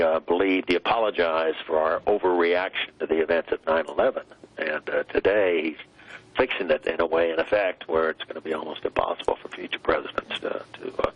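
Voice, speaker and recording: An older man, a former vice president, giving measured commentary as an interview guest, pausing often with "uh" as he weighs his words. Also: low voice, dry recording, muffled recording. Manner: measured, deliberate, many hesitant "uh" pauses.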